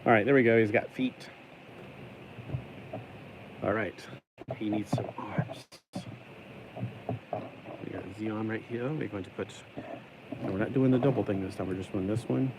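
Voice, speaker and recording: Low-voiced man rambling through a LEGO build. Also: fairly even intonation, quick pace, heavy background noise. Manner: rambling, talks to himself, sings and jokes while building; puts on a stuck-in accent today. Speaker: YouTuber building a LEGO set. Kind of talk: casual build commentary.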